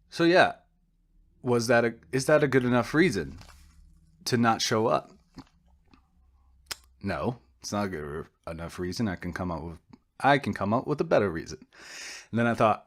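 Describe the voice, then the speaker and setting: A man's voice: fairly low pitch, animated, normal speed, long pauses. A young man co-hosting a podcast, talking in a rambling, digressive way, poking fun at himself, restarting sentences and losing his thread. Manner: digressive, self-deprecating, frequent restarts and trailing off. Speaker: podcast co-host. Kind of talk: rambling casual monologue.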